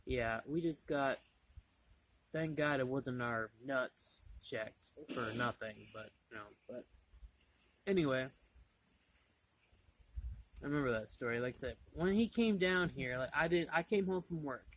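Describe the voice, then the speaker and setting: A man hosting a casual chat, telling a story in an animated way and laughing often. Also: mid-range voice, measured pace, pauses often, poor audio. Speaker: channel host.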